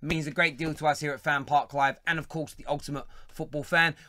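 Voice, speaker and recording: A man hosting a casual football fan phone-in, joking and teasing in playful loud bursts. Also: a little high, little pitch movement, brisk, a little hiss or hum. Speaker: host.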